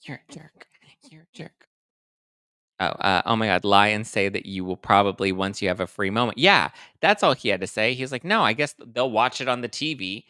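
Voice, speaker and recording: A man in his thirties hosting a casual livestream, chatting quickly and reading viewer comments aloud. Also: on the low side, clear, resonant tone, no echo, studio quality. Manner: chatty, animated, reads live chat aloud. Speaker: host.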